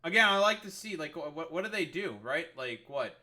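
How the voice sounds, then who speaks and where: A man's voice: on the high side, lively intonation, brisk, background noise. A man giving sarcastic, swearing commentary while reacting to a news video, full of fillers and restarts. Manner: heavy swearing, sarcastic and scornful; filler-heavy, restarts often. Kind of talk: ranting stream commentary.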